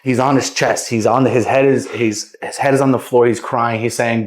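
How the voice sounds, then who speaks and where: A man's voice: mid-range voice, fairly even intonation, normal speed, echoey room. A young man casually retelling a Bible parable, rambling and repeating words as he goes. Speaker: vlogger.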